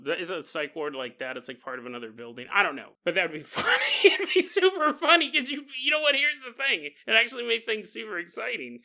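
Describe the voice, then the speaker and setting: A man hosting a casual, comedic paranormal podcast, animated and jokey with a sing-song delivery. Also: sits high, fast, creaky, hardly any pauses. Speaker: podcast host.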